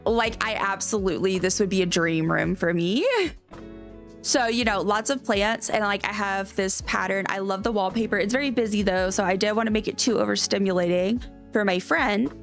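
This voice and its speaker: A woman's voice: mid-range voice, fairly even intonation, normal speed, faint music behind. Chatty Southern woman streamer, rambling. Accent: light Southern Cajun-tinged American. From Cajun country, US South. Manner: rambling, chatty, self-correcting, laughs often. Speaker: live streamer playing a life-sim game. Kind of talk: casual live-stream chat.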